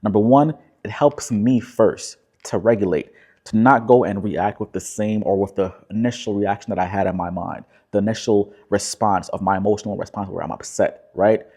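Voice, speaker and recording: A man speaking as a relationship coach, talking calmly and directly to the viewer, often checking in with "right?". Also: fairly low pitch, normal speed, breathy edge. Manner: calm, repetitive, tag questions like "right?". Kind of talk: direct-to-camera coaching talk.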